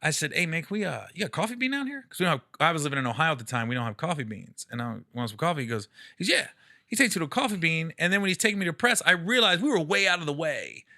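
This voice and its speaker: A comedian telling stories from the road in a casual chat and acting out the people in them. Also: male voice, rapid-fire. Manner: animated, acts out quotes with jumps in pitch. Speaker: comedian guest.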